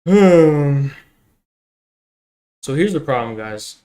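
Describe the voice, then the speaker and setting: A man on a livestream launches into a loose, profane rant, boisterous and confrontational as he fires off questions at his audience. His voice sits a little high for a man. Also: lively intonation, very slow, dark tone. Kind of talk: ranting livestream monologue.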